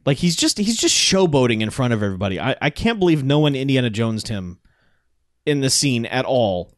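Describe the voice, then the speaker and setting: A man co-hosting a casual podcast, recapping a movie in an animated way and laughing often. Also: medium pitch, a little fast, dry recording, studio quality. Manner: animated storyteller, acts out bits, laughs often. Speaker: podcast co-host.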